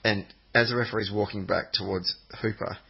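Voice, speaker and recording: Man, podcast co-host, gravelly fry, excitable banter, laughs a lot. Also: lowish voice, a little fast. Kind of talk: casual football chat. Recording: dull lo-fi podcast audio.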